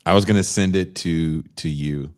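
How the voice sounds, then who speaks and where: A man's voice: sits low, moderate pace, darkish tone, dry recording, studio quality. A man co-hosting a podcast in a casual, joking chat. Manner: jokey, slips into put-on voices. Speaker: podcast co-host.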